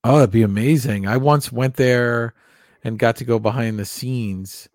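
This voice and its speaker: A man co-hosting a podcast, chatting casually and rambling a little with soft asides. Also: medium pitch, unhurried, no room sound, studio quality. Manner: rambling, lots of fillers and restarts, soft-spoken. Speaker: podcast co-host. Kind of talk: casual chat.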